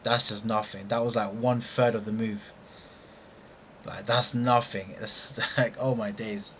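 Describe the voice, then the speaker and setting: A man's voice: on the low side, level tone, unhurried, bright, forceful tone, slight background noise. A young British man talking through live trades with slangy, frustrated asides to himself. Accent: British English. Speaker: trading streamer. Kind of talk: live trading commentary.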